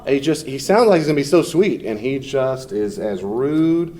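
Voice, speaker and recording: A man's voice: mid-range voice, animated, normal speed, warm tone. Man lecturing a class off the cuff. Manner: conversational, off the cuff, mimics people in quotes. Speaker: teacher.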